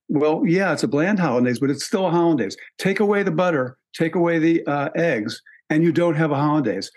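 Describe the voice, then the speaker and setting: A man's voice: fairly high pitch, lively intonation, fairly quick, few pauses, a little mellow. Thoughtful man musing with ums. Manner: thoughtful, with frequent ums and restarts. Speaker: author and podcast guest. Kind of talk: relaxed conversational interview talk.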